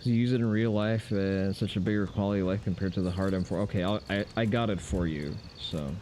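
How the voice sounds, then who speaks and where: A man's voice: lowish voice, fairly even intonation, fast, darkish tone, a little hiss or hum. A man giving loose, profane gameplay commentary on a stream, with wry asides to his chat. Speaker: game streamer.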